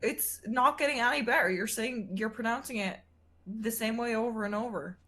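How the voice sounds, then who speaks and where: A woman's voice: on the high side, moderate pace, a bit bright. A woman streamer chatting casually as a guest, teasing and sarcastic. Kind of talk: casual livestream chat.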